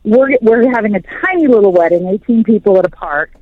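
A woman's voice: medium pitch, expressive, quick pace, no echo. A woman in her fifties, a radio host telling stories in casual chat, laughing easily. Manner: chatty storyteller, laughs easily. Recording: dull dry radio sound.

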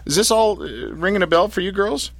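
A man hosting a radio interview, joking and self-deprecating, with halting fillers. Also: sits high, creaky. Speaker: radio show host.

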